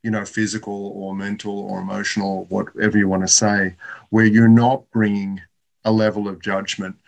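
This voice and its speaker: Man, low voice, gravelly, thoughtful, reflective conversation. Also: flat delivery, moderate pace. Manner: thoughtful, musing.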